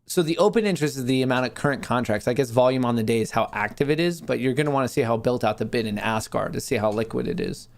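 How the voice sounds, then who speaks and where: A man's voice: mid-range voice, fast, gravelly, hardly any pauses. A man hosting a casual livestream, reading viewer messages aloud and answering them off the cuff. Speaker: host.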